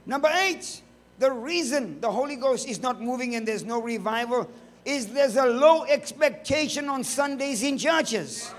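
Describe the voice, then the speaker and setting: Delivering his sermon at a measured, expressive pace, this male preacher has a notably high-pitched voice. He hammers points home through strings of rhetorical questions and slips in jokes as he goes, with slight background noise present.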